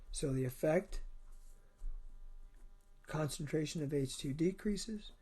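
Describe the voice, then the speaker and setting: A man with a husky, mellow voice delivers a recorded college chemistry lecture. He explains each step in short, measured phrases, sitting a little high for a man's voice.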